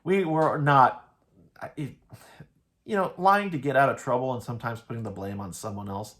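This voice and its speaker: A man with an ordinary mid-pitched voice talks through an anime episode in a loose, conversational way. He rambles through the plot, restarts his sentences and keeps dropping "like" as he goes. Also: normal speed, fairly bright tone. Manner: rambling, loose retelling peppered with "like". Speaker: anime reviewer. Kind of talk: casual episode analysis.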